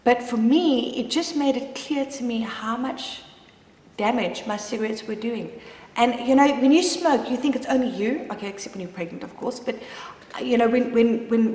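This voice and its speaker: A woman speaking as a mother who tells her own story in a candid, rambling way, restarting her sentences often. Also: on the high side. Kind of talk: personal confessional vlog. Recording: roomy with long reverb.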